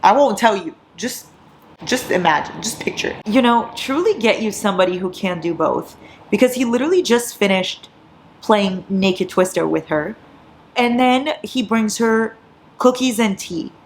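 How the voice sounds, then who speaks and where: This book vlogger talks casually through an all-night reading session, giddy and excitable, laughing often and swearing while tired from no sleep. Her voice is mid-range at a normal speed, with a little hiss or hum in the audio.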